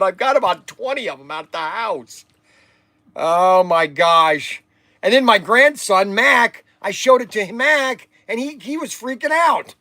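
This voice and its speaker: Older grandpa guy rambling on a livestream, kinda high voice, sighs a lot. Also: expressive, normal speed, bright, forceful tone, no echo. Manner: exasperated, forgetful, sighing. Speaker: livestream host.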